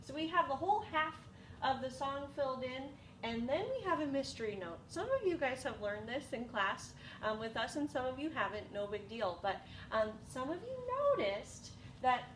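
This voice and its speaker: A woman's voice: sits high, animated, measured pace. A woman teaching an elementary music lesson, patient and encouraging, sometimes singing examples. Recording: echoey room, distant mic, noisy.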